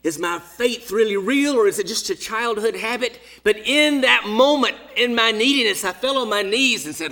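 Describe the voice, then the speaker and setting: A man in his sixties preaching a sermon as a story, dramatic, dropping to hushed whispers and rising to shouts. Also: high-pitched, lively intonation, normal speed, few pauses. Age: 60s.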